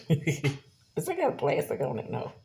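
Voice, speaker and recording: A woman's voice: low-pitched, wildly swooping pitch, takes it slowly, vocal fry, heavy background noise. A woman, chatting casually to viewers while she cooks in her home kitchen. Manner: chatty, addresses viewers as y'all. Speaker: cooking vlogger. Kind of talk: casual cooking vlog.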